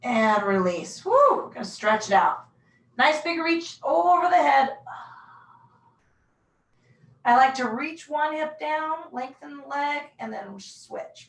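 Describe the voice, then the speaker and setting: A woman leading a pilates class, calmly cueing breaths and moves in a casual, self-deprecating way. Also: high-pitched, takes it slowly, gravelly. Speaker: pilates instructor. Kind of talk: guided workout instruction. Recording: echoey room, mic far off.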